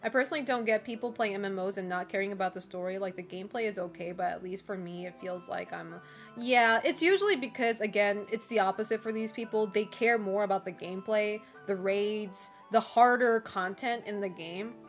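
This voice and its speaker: Soft music plays under a woman streamer whose mid-range voice moves fairly quickly as she casually chats with her viewers. She rambles loosely, saying "like" and "you know" a lot, and laughs often between her comments.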